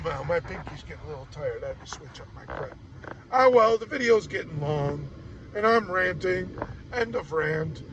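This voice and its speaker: A man's voice: high voice, dull audio, background noise. A man ranting casually to camera in a rambling, wry way, mimicking other people as he goes. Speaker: vlogger.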